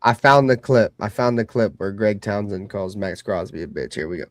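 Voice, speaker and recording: A man's voice: on the low side, normal speed, a crowd in the background. A man hosting a podcast, chatting casually, loose, joking and profane. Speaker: podcast host.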